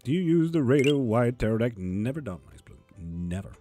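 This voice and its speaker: A man's voice: medium pitch, sing-song, a little fast, warm tone, faint music behind. A man reading viewer comments aloud and answering them in a casual livestream, swearing now and then. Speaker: tarot reader streaming live.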